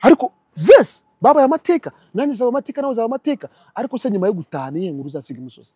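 Young Rwandan man, interview guest, rapid-fire delivery, dry close sound. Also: very high-pitched, husky, dry recording, muffled recording. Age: young adult. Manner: animated, switches into mimicked English voices. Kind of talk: casual interview.

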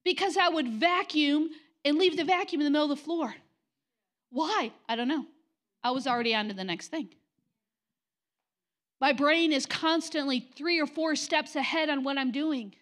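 High pitched woman preacher, middle aged, calling folks out in church, direct and punchy. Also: normal speed, pauses often, a bit bright. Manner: direct, confrontational preaching with mocking quoted voices. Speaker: pastor. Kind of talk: sermon. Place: church sanctuary.

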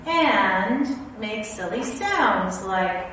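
A woman's voice: medium pitch, lively intonation, extremely slow, fairly bright tone, soft background music. A woman school principal reading a silly children's book aloud to her students, with playful, exaggerated cries of mock dismay. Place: school building. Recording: very echoey room, voice far from mic, faint hiss.

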